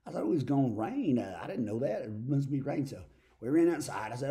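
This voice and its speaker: A man's voice: mid-range voice, very animated, brisk, dark tone. Folksy Southern man rambling a comic sermon. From Texas. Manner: folksy, meandering storytelling with quoted voices. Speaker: comic preacher character.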